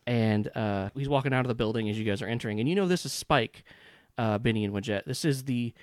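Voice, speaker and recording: A male game master narrates a tabletop horror game in a loose, rambling way. His voice sits in a middle pitch. The recording is close and dry. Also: fast talker, no echo. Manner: rambling with many fillers and restarts.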